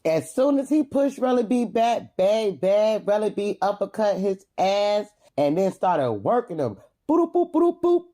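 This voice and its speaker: Animated slangy woman vlogger. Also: medium pitch, measured pace, few pauses. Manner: animated, slangy, laughs often. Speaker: reality TV reviewer. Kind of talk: casual vlog recap.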